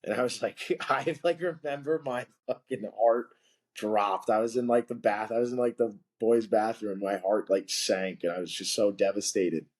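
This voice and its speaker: A man speaking as a podcast guest, his voice sitting a little low for a man. He tells his stories in a loose, chatty way, full of filler words. Quick laughs break up his phrases. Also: fairly even intonation, darkish tone. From from a blue-collar family. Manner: loose and chatty, heavy with "like" and "you know", laughs between phrases. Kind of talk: casual storytelling in conversation.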